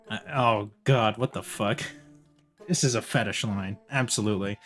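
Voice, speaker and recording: A man's voice: lowish voice, moderate pace, fairly bright tone, soft background music. A man streaming a game, riffing through casual commentary with jokes, swearing and laughter. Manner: joking, swearing, laughing banter.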